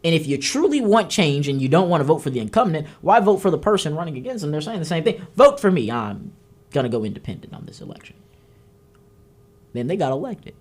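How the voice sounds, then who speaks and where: A woman's voice: sits low, husky. A woman hosting a political talk show, delivering heated commentary and scolding emphatically. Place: studio.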